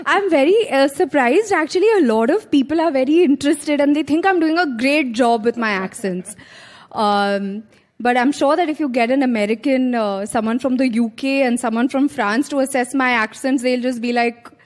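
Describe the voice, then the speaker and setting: Indian woman chatting on a stage, bit high voice, drops hindi words in here and there. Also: moderate pace. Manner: chatty, mixes Hindi into her English. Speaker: guest actress. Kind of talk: casual on-stage conversation. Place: live event stage before an audience.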